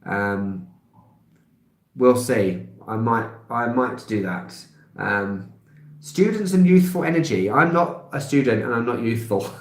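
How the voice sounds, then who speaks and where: A man's voice: fairly low pitch, slow pace, fairly bright tone. A man in his thirties with a London accent, chatting casually on a live stream and answering viewers' comments, rambling with many filler sounds and small laughs. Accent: London English. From England. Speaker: travel vlogger. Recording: roomy echo.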